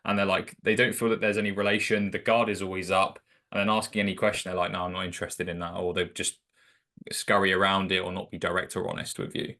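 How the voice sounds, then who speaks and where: A man's voice: low voice, flat delivery, fast talker, pushed and bright. A man talking through sales advice in a loose, chatty way, telling stories with lots of filler words. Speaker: sales coach guest. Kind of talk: casual conversational storytelling.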